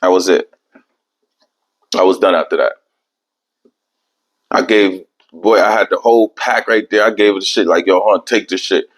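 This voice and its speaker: A man's voice: deep voice, steady tone, moderate pace, pauses often. A young man hosting a podcast, telling a long story in casual, profane, rambling chat. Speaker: podcast host.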